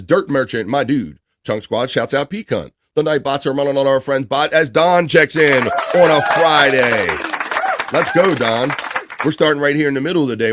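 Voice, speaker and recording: A man's voice: medium pitch, fairly bright tone, slight background noise. A man hosting a casual livestream, reading viewer messages aloud in a loose, chatty way. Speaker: livestream host reading chat. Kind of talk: casual chat.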